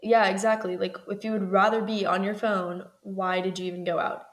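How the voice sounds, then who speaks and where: A young woman co-hosting a podcast in relaxed, casual chat. She talks in loose run-on thoughts, leans on "like" constantly and breaks into laughter now and then. Her pitch sits right in the middle for a woman. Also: brisk. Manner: chatty, frequent "like", laughs often. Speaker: podcast co-host.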